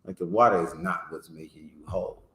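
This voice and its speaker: Lower-voiced man teaching a Bible class. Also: fairly quick, a bit bright, slight background noise. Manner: explains verses in plain slang, often asks "you know what I'm saying?". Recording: echoey room.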